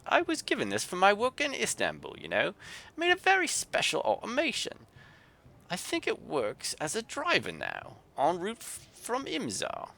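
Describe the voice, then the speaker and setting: A man voicing a gruff, grumbling female mechanic with a put-on Yorkshire accent in a video game. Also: high voice, huge pitch swings, moderate pace, pushed and bright, pitched above the performer's own voice, heavily acted. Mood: chatty. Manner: grumbling, exasperated.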